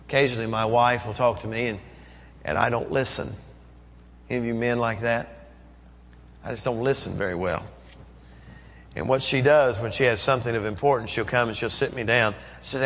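A man's voice: mid-range voice, fairly quick, long pauses, fairly bright tone, slight background noise. A middle-aged male pastor preaching a sermon, dramatically acting out pleading prayers. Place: church. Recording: dull echoey church recording.

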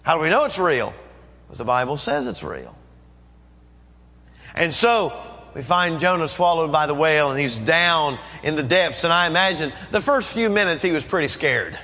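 A man's voice: on the high side, sing-song, moderate pace, sharp tone. A middle-aged male pastor preaching a sermon, dramatically acting out pleading prayers. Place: church. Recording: dull echoey church recording.

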